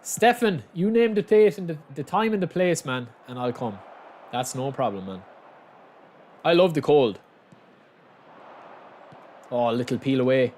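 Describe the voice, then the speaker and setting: A young man chatting casually and commentating live on his own football game, bursting into excited shouts at big moments. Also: mid-range voice, unhurried, long pauses. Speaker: game streamer.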